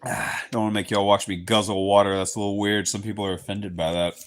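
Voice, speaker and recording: A man's voice: on the low side, little pitch movement, quick pace. Chatty Texan man on a livestream. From Southeast Texas. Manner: chatty and playful, slipping into goofy voices. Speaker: livestream host. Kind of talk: casual live chat with viewers.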